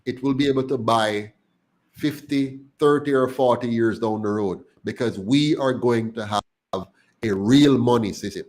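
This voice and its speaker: A man's voice: mid-range voice, darkish tone, poor audio. Jamaican male party spokesman, fired up and emphatic, political talk show. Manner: passionate, grows heated and emphatic.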